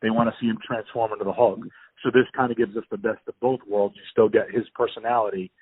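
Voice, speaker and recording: A man with a somewhat low voice chats eagerly over a phone line, rambling and restarting his sentences. The sound is dry and thin, like a tinny phone call. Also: flat delivery, quick pace, husky, no room sound. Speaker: podcast host. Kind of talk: casual phone chat.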